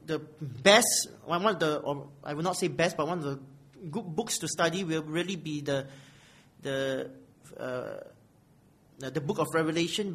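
A man's voice: on the high side, fairly bright tone, slightly rough. A man preaching an expository sermon in a small church room, often asking "right?" and swelling on key phrases. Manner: questioning, often asks "right?".

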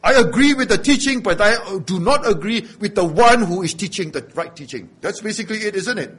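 A man preaches a sermon in a higher, husky voice. He talks conversationally with his listeners, then builds to forceful, emphatic declarations. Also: expressive, fairly quick. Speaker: pastor.

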